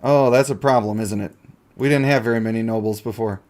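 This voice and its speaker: A man's voice: on the low side, a little fast, darkish tone. A male game streamer in casual live-stream commentary, chatty and joking as he talks to himself and his chat.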